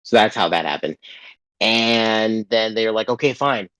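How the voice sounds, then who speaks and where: A man recapping a TV episode in casual podcast chat, rambling with lots of "like" and jumping into a high voice to act out lines. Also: a little slow, fairly bright tone, clear, resonant tone, dry recording. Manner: rambling, full of "like" and restarts, acts out quotes in a raised voice. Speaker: podcast co-host.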